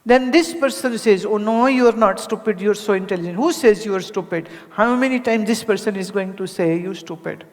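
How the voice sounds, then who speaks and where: A woman's voice: mid-range voice, a little fast, few pauses, a little mellow. A woman from India giving a spiritual talk to an audience, conversational, asking rhetorical questions and acting out the people she quotes. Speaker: spiritual teacher. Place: large hall with audience. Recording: long hall reverb.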